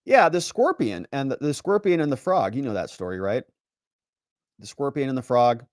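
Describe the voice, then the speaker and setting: A man who is a lawyer hosting a livestream, giving sarcastic, animated commentary and reading viewer chat aloud. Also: mid-range voice, normal speed, dry recording, studio quality.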